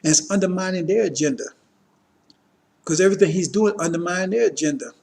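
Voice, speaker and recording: A man's voice: high voice, a little fast, vocal fry, darkish tone. A man preaching a political lecture to a congregation, talking emphatically, firing rhetorical questions and often checking in with his listeners. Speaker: religious teacher addressing a congregation.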